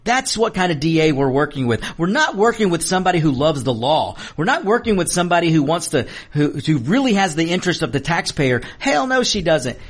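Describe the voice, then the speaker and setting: A middle-aged man holds forth in a political commentary monologue, speaking directly to his audience. His pitch sits a little high and swings widely as he presses his points. He often stumbles, restarts and repeats phrases for emphasis. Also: a little fast, hardly any pauses, husky. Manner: animated, emphatic, repeats himself and restarts, addresses viewers directly.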